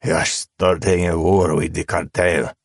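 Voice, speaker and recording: A man's voice: low voice, steady tone, measured pace, creaky, dry recording, studio quality, heavily acted. A man voicing a bulky, defiant cartel boss with a heavy accent who speaks through clenched teeth in an audiobook. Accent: heavy foreign accent. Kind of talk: audiobook character voice.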